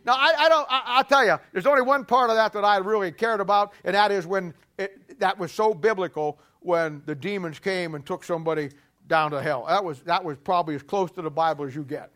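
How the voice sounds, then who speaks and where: A man preaching a sermon to a congregation, animated, repeating himself often and swinging between loud and hushed. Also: high voice, brisk. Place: church before a congregation.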